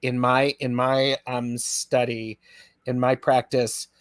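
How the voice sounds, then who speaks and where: A man's voice: medium pitch, flat delivery, slow, dry recording. Ohio man, host, hesitant with lots of fillers, dry close sound. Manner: hesitant, many fillers, restarts. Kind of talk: casual chat.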